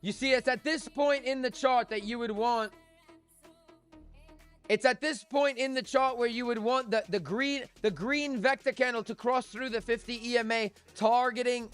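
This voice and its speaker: Guy doing a fake british accent, posh chart analyst, high-ish voice, faint music behind. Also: normal speed, fairly bright tone, smooth. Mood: formal. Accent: British, put on. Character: polished British male market analyst.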